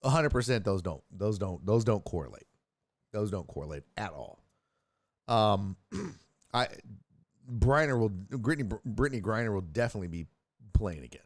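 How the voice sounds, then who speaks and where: A man's voice: lowish voice, sing-song, normal speed, no room sound. A man hosting a casual streamed sports talk show, joking profanely and reacting to chat messages. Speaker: host.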